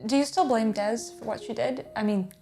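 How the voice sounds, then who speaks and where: A woman playing a grown child visiting a sick father, hesitant and gently teasing, in a stage play. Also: on the high side, fairly quick, vocal fry, faint music behind.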